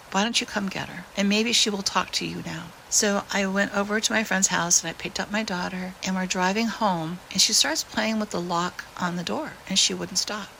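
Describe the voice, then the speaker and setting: A woman tells her own painful story in a low voice with a gravelly texture and a bright edge. She speaks softly and with feeling, and often sinks into a near whisper. A faint hiss of noise sits behind her. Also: poor audio. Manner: soft, emotional, often drops to a whisper. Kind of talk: personal story narration.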